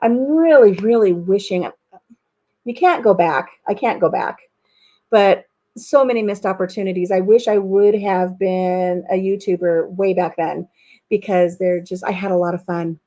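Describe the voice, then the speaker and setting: A woman's voice: medium pitch, measured pace, dark tone. Middle-aged lady chatting live w viewers, rambly stories, pokes fun at herself. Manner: chatty storyteller, laughs at herself. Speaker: channel host. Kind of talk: casual live chat with viewers.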